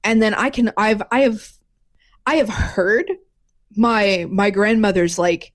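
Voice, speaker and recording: A woman co-hosting a podcast in casual chat, telling a story in a lively, profane way with lots of restarts. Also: medium pitch, slow. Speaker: podcast co-host.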